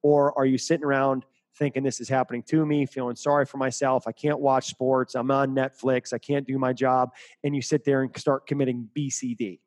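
A man's voice: mid-range voice, flat delivery, brisk, no echo. Emphatic motivational man, dry sound. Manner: emphatic, repeats key phrases. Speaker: guest, mental performance coach. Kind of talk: interview answer, motivational.

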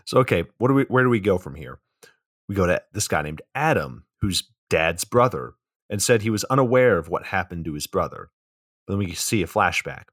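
A man's voice: low-pitched, a little fast, dry recording. A young man co-hosting a comedic podcast, recapping a movie plot with dry, crude humor. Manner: dry, deadpan, crude joking. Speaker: podcast co-host.

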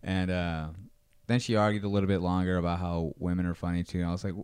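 A low, smooth man's voice, recorded dry and close. He is a comedian guest on a podcast, telling stories in a brash, provocative, deadpan manner. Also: quick pace, dry recording. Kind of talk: casual comedy podcast chat.

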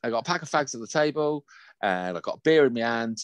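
A man telling a sweary, animated story in casual chat. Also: mid-range voice, quick pace, dry recording. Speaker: podcast co-host.

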